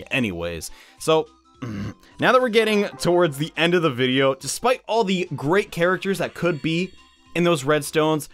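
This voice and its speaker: A young man hosting casual gaming commentary, excitable and chatty, with frequent exclamations. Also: a little high. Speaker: YouTube gaming host.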